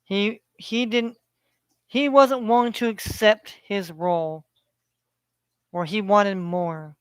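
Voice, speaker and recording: A man's voice: high-pitched, steady tone, slow pace, fairly bright tone, smooth, dry recording. A man delivering a preachy, profanity-laden rant to his viewers, hammering points by repeating them. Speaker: vlogger. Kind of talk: ranting monologue.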